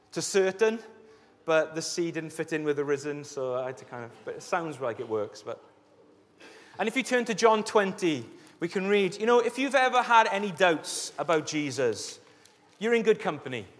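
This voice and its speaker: A man preaching a sermon as a pastor, telling Bible stories in a lively way and acting out the scenes. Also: high voice, normal speed. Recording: echoey hall reverb.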